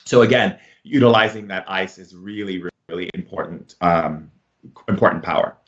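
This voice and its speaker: A man's voice: low voice, moderate pace, highs cut off. A man, a spiritual teacher, talking in a casual, rambling monologue full of "like" and restarts. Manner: rambling, with many fillers and restarts.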